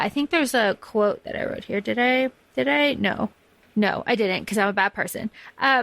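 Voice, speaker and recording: A woman's voice: sits high, fairly bright tone, dry recording. A woman co-hosting a podcast, rambling enthusiastically about a movie and swearing freely. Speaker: podcast co-host. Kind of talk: casual film discussion.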